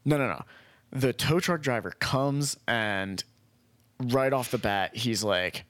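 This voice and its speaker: A man's voice: mid-range voice, takes it slowly, fairly bright tone, no echo. A young man in casual conversation telling a long story, rambling, swearing freely and acting out what people said. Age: young adult. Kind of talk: casual chat.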